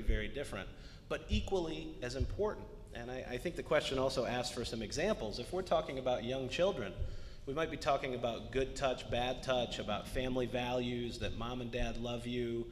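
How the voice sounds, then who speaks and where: A man on a discussion panel, making his points in an earnest, emphatic way and stressing key words. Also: mid-range voice. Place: arts center event space. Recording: long hall reverb, faint noise.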